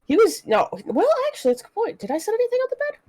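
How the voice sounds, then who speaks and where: A woman playing a tabletop game online, chatting excitedly with the table and laughing often. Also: extremely high pitch, background noise. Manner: excitable, laughing, quick back-and-forth. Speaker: player. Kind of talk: casual tabletop game chat.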